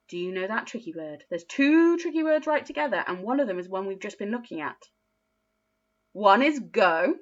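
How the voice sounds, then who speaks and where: A woman teaching a phonics lesson to young children, encouraging and sing-song, sounding out letters slowly and praising often. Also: mid-range voice, sharp tone, muffled recording. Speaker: primary school teacher.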